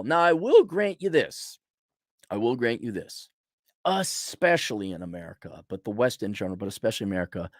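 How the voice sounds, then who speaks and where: A man's voice: a little high, no echo, clean studio sound. A man hosting a casual ranting monologue, blunt and sarcastic. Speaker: host.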